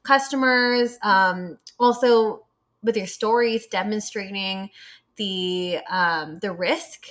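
A woman's voice: medium pitch, slow pace, fairly bright tone. A woman interviewing a guest, speaking in a supportive, hesitant way with many fillers. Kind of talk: conversational interview.

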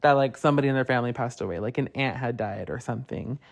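A man's voice: fast talker, vocal fry. A young man hosting a podcast, telling a personal ghost story in a casual, profane way, full of fillers. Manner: chatty, profane, lots of "like" fillers; puts on high voices when quoting others. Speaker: podcast host.

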